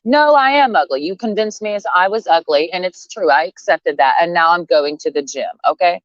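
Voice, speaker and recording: A woman with a low voice venting in a blunt, rambling, profanity-laced rant. The sound is dry and a little dull. It is a slightly lo-fi recording. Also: fairly quick, dry recording. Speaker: vlogger. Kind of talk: casual rant to camera.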